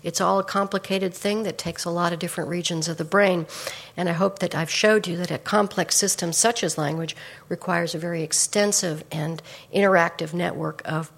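A woman with a raspy voice giving a lecture, explaining slides with small restarts. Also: lowish voice, steady tone, normal speed. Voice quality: gravelly. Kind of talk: public lecture.

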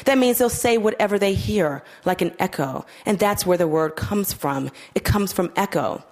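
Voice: mid-range voice, animated, normal speed, a little mellow, voice pushed up, lightly acted. A reader voicing a cheerful, syrupy woman troop leader who talks in a lilting, sing-song instructional way. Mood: chirpy.

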